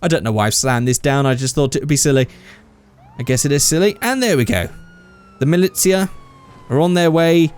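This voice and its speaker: Lively, chatty man narrating gameplay. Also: medium pitch, fast. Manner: chatty and rambling, thinks aloud. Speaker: gaming channel host. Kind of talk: casual gameplay commentary.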